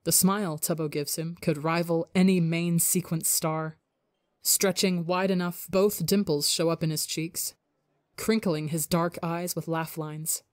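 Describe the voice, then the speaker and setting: A woman reading a fan fiction story aloud as the narrator, in a calm, steady voice. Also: fairly low pitch, unhurried, no room sound, clean studio sound. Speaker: audiobook narrator.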